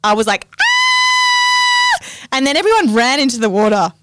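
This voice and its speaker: A woman's voice: fairly high pitch, sing-song, fast, heavy background noise. A young Australian woman co-hosting a podcast, telling a story in casual chat with swearing and laughter. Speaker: podcast co-host.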